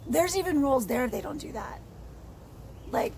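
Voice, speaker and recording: A high-voiced woman rants angrily to her phone camera. Her voice is hoarse, gravelly and out of breath, and she swears bluntly, dropping to a whisper and then breaking into shouts. Clear noise from outdoors sits behind her. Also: lively intonation, moderate pace. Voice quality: hoarse, froggy voice. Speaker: vlogger. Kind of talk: angry personal rant. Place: outdoors in sunlight.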